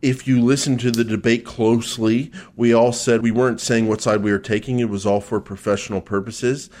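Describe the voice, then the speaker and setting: A man in a casual podcast chat with a mid-range voice, trading jokes before settling into a steady, practical explanation. He uses a few fillers but keeps the thread clear. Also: medium pitch, a little fast. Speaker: podcast co-host, search ads expert.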